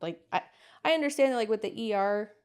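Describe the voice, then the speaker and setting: Woman in her 30s, interview guest, lively storyteller who does the voices of people she quotes. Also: medium pitch, fast, clean tone. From United States.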